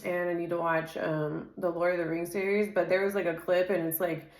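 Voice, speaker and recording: A woman's voice: fairly low pitch, little pitch movement, a little fast, roomy sound. A woman reading tarot in a casual way. She rattles off lists of card keywords and often laughs and drifts into side chatter. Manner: laughs easily and chats off-topic. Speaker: tarot reader.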